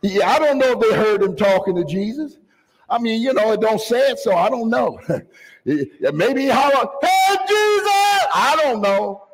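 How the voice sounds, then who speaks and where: High husky-voiced preaching man. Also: expressive, moderate pace, big-room sound, rough recording. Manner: fervent preaching, rising to shouts, with joking asides. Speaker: pastor. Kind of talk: sermon. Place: church sanctuary.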